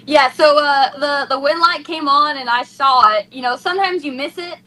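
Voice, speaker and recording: A woman's voice: high voice, normal speed, poor audio. A young woman racing driver, gushing and tearful in an emotional post-race interview. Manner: excited, gushing, breathless with emotion.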